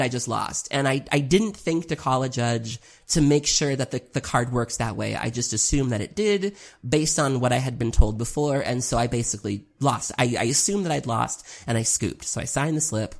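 A gravelly, fry-edged voice at a middle pitch tells a long tournament story in a loose, unscripted way. The speaker leans on filler "um"s, swears here and there, and keeps turning the blame back on themself. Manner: rambling, self-critical, frequent ums, occasional swearing. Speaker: competitive card game player. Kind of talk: casual spoken recap.

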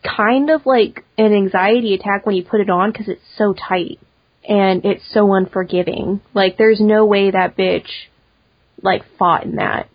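A woman's voice: mid-range voice, fairly even intonation, measured pace, slightly rough, no echo, muffled recording. A young woman guest chatting casually, full of "like" and swearing. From Polish family, grew up in America. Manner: chatty, swears freely, lots of "like". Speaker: podcast guest, cosplayer. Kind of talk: casual chat.

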